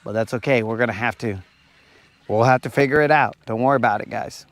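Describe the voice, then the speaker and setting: A man's voice: medium pitch, fast talker, no echo. A man hosting a fishing livestream from a lake, bantering with his chat in a playful, teasing, slangy way.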